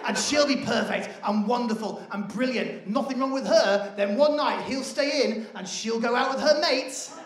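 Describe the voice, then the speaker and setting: Animated English comedian in a roomy theatre. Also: male voice, very high-pitched, moderate pace, few pauses, a little hiss or hum. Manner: animated storytelling, shouting punchlines and acting out characters. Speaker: stand-up comedian. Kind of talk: stand-up comedy. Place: theatre stage before a laughing audience. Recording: roomy theatre with crowd laughter.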